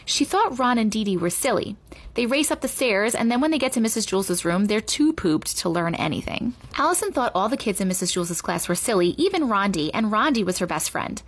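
A woman reading a children's chapter book aloud with expressive storytelling. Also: mid-range voice, a little fast, slightly rough. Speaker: reader.

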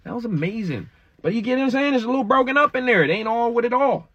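A man talking casually to his viewers and addressing them as y'all, with animated asides while reading a kids' book. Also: very high-pitched, fast, breathy edge, no echo, lo-fi sound. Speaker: vlogger. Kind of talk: casual read-aloud vlog.

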